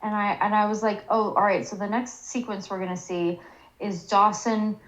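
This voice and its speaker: A woman's voice: mid-range voice, steady tone, normal speed, dull audio. A woman co-hosting a casual podcast, blunt and opinionated, who swears freely.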